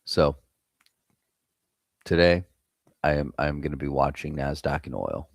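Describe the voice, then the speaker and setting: Very deep-voiced profane American man. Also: unhurried, creaky, dry recording, clean studio sound. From United States. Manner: loose, profane, chatting with viewers. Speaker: trading stream host. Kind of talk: casual live-stream chat.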